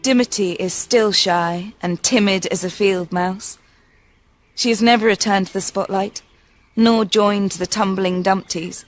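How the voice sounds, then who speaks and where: A woman reading a children's storybook aloud in a gentle, expressive way. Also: mid-range voice, a little slow, faint music behind. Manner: gentle, expressive, varied pacing.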